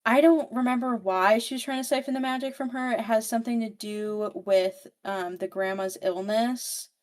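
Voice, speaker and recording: A woman's voice: on the high side, moderate pace, a little mellow. A woman co-hosting a podcast, recapping a novel in casual, rambling chat full of "like" and swearing. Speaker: podcast co-host.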